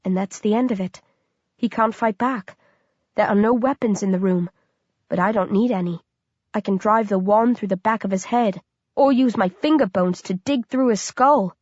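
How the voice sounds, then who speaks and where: A woman's voice: mid-range voice, moderate pace, darkish tone, no room sound, lo-fi sound. A woman reading a first-person horror audiobook in a dramatic, intense manner. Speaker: audiobook narrator.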